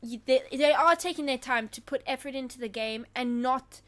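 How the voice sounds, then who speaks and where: A woman's voice: high voice, moderate pace. A woman co-hosting a livestream, chatting casually and reading viewer comments, with lots of fillers. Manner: giggly, animated, thinks aloud with fillers. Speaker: livestream co-host.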